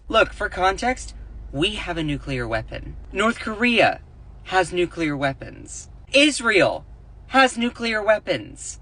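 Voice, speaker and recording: Sarcastic male political commentator, bright tone. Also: big pitch swings, slow, rough recording. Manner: sarcastic, exasperated, jumps to high outbursts.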